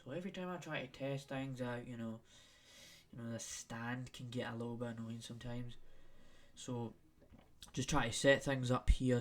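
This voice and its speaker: A young Scottish man hosting a solo podcast, rambling off on tangents and repeating himself as he talks. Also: mid-range voice. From Scotland. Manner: rambling, tangent-prone, repetitive. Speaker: podcast host.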